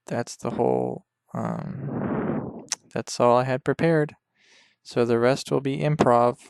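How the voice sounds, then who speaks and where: A man hosting a podcast, rambling crudely and deadpan through an improvised comedy monologue over a game. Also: medium pitch, gravelly, smooth, dry recording, studio quality. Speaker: podcast host.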